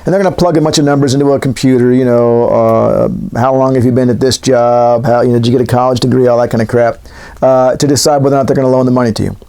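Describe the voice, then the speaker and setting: A man's voice: medium pitch, steady tone, fast, mellow, smooth. A man teaching in a casual, joking lecture style, wandering into asides. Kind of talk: classroom lecture.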